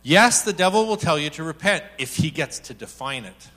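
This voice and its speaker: A man preaching a sermon in a lively, joking way, telling stories and acting out quotes as he talks to a congregation. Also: fairly high pitch, moderate pace. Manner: animated and joking, acts out quotes. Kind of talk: sermon with storytelling.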